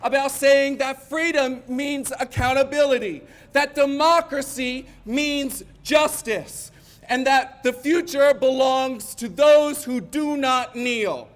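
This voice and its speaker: A young man giving an impassioned, declamatory rally speech outdoors, building to shouted lines. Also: very high voice, slow. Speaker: rally speaker.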